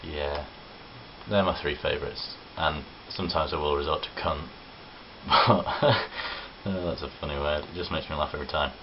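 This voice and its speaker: A man's voice: very deep voice, moderate pace. A young man chatting casually to camera, answering viewer questions in a cheerful, chatty way and swearing freely. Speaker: vlogger. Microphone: camera on tripod. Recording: dull lo-fi camera audio with hiss.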